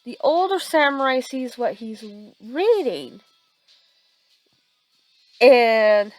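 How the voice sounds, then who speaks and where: Halting woman telling a fan story. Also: fairly high pitch, lively intonation, faint music behind, poor audio. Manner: halting, many restarts and fillers. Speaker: fan fiction narrator. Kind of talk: improvised story narration.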